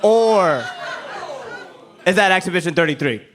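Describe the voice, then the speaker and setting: Bright high-voiced man arguing a case. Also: expressive, measured pace, a faint crowd, a little hiss or hum. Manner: emphatic, builds to a rousing finish. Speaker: debating lawyer on a comedy panel. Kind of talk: mock courtroom argument. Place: convention panel room before a live audience.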